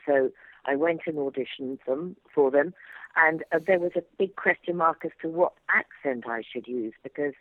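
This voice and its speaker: An older woman with a received pronunciation accent, telling stories as an actress guest in an interview, animated and quick to drop into character voices. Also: deep voice, dry recording. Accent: English received pronunciation. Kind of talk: anecdotal interview chat. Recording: dry phone-like line.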